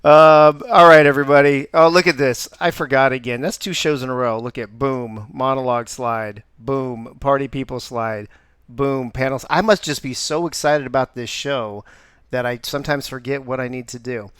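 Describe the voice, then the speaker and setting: A man's voice: mid-range voice, fairly even intonation, normal speed, a bit bright, smooth, no room sound, studio quality. A man hosting a live show in an upbeat, joking way. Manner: upbeat, joking, laughs often. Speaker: host.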